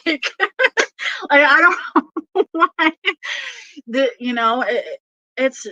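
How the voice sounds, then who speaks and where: A woman gives a casual tarot reading to her channel at a slow, unhurried pace, rambling through plenty of fillers and breaking into frequent laughs. Her voice is bright and clear, and the recording is close and dry. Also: high-pitched, animated, dry recording, low-quality recording. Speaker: tarot reader.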